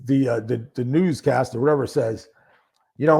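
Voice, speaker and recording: A man with a gravelly, husky voice tells his story conversationally. He is animated and acts out other people's lines. His speech is casual and full of fillers. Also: mid-range voice, moderate pace. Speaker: podcast guest, former narcotics detective.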